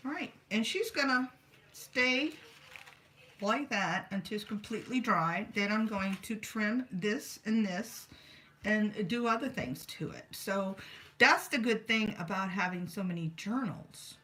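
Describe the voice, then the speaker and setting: This craft vlogger has a mid-range voice that sounds pushed and bright, and her pace is a little slow. She rambles chattily to herself while working on art journals at her craft table.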